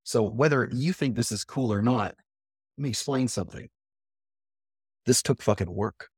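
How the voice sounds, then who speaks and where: A man hosting a podcast in a casual monologue to his camera, blunt and profane, animated and emphatic. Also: mid-range voice, moderate pace, slightly rough, dry recording, studio quality. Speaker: podcast host. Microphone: computer camera at a desk.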